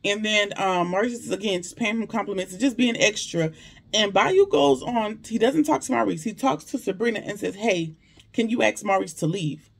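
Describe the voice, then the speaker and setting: A reviewer recapping a TV drama episode in a casual, animated way, with slangy asides and quick bits of acting out what the characters said. The voice has a gravelly, fry-edged texture at a middle pitch.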